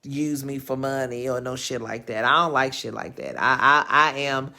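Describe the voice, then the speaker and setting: A woman's voice: very deep voice, moderate pace, vocal fry. Woman, thirties, vlog host; casual, profane, unfiltered storyteller. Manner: frank and profane, rambling with lively swings in emphasis. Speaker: vlogger hosting her own live show.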